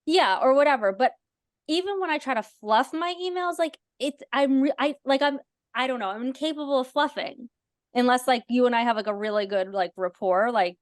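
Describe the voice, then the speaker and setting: A woman's voice: high-pitched, fairly quick, dry recording, clean studio sound. A woman hosting a podcast, telling stories animatedly with many "like" fillers. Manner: animated storyteller, lots of "like" fillers. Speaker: podcast host. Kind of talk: casual chat.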